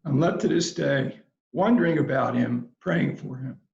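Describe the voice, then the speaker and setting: A man giving a commencement address, telling a story in a slow, measured, reflective way. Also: a little high, vocal fry, a little mellow. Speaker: commencement speaker. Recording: roomy, slightly dull recording.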